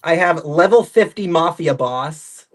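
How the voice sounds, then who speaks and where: A man on a video call, chatting in a deadpan, joking way as a robot combat team member. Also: a little high, unhurried. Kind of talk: casual livestream chat.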